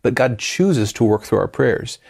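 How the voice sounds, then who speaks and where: A man hosting a religious discussion, explaining in a measured way. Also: mid-range voice, animated, gravelly, darkish tone, breathy edge.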